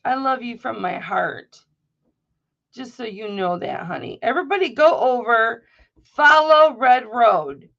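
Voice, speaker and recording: A woman's voice: on the high side, a little slow, creaky, a bit bright. A middle-aged woman with a Michigan accent, hosting a livestream in casual chat, blunt, profane and emotional. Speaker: livestream host. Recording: dull lo-fi livestream audio.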